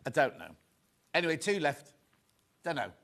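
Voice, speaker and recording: Male shopping-channel host, slightly high, very lively pitch; chatty, rambling, excitable. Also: moderate pace. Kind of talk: live selling chat.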